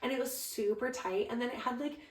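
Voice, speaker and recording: A young adult woman co-hosting a podcast, telling a story in a casual, animated way and jumping up high when she quotes herself. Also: fairly quick. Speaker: podcast co-host, bride. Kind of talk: casual chat. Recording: echoey room.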